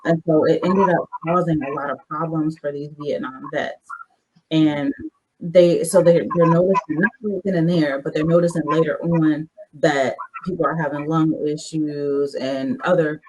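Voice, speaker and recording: A woman's voice: low voice, a little mellow, slight background noise, poor audio. A woman who is an army veteran, a guest on a podcast interview, telling her stories in a candid, loosely structured way.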